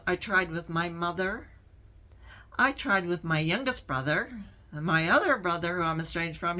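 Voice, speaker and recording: A middle-aged woman hosting her own channel, answering viewer questions in a casual talk to camera, speaking in a slow, reflective way with frequent pauses. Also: on the low side, bright, forceful tone. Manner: slow, deliberate and reflective, pausing often between phrases.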